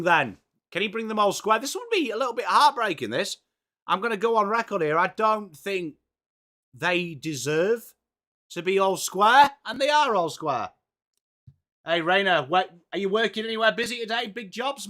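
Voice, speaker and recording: A man hosting a live football watchalong, reacting excitedly and chatting with viewers by name. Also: high voice, moderate pace. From England. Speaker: live-stream watchalong host. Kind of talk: live sports reaction and chat.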